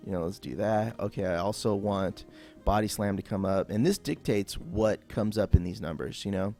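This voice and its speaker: A gameplay tutorial host with a lowish, mellow voice talks through a game off the cuff at normal speed, casual and rambling with plenty of fillers. Soft music plays in the background of this unscripted voice-over.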